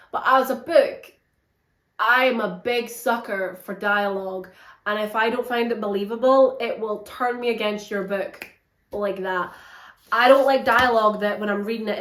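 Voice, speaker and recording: Animated woman reviewing books. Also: a little high. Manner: animated, blunt and sarcastic. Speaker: book reviewer. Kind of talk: casual book review. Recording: roomy echo.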